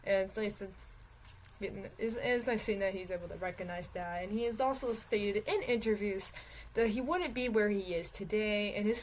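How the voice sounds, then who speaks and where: Woman vlog host, loose and chatty, middle pitch, faint room hum behind. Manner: chatty, many fillers and restarts; giggles often. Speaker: channel host. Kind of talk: casual rambling commentary.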